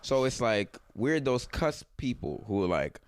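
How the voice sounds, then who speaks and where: A man's voice: mid-range voice, big pitch swings, unhurried, smooth. A man in his twenties hosting a podcast, chatting casually, laughing often and acting out quoted voices. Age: 20s. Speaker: podcast host. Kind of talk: casual chat.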